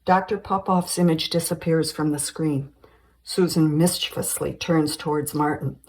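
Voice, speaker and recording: A woman's voice: deep voice, fairly even intonation, normal speed, a little mellow, breathy edge, low-quality recording. A woman screenwriter reading a screenplay aloud, giving stage directions plainly and evenly.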